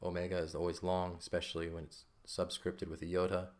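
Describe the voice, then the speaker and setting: A man's voice: low-pitched, completely flat delivery, brisk. A man teaching an ancient Greek lesson in a patient, casual way, often checking in with "okay?". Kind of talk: casual lesson explaining grammar.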